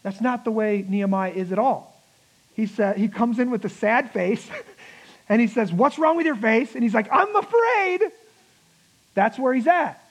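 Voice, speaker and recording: Male pastor, high voice, emphatic sermon delivery, slows on key words. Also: poor audio.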